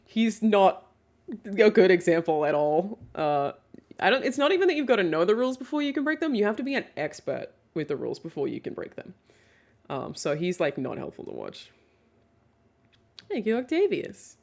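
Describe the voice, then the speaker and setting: A young woman on stream chats loosely with viewers, reading out their questions, swearing freely, laughing often, and saying "um" a lot. Her voice is lowish, gravelly, and darkish in tone, with an animated, brisk delivery.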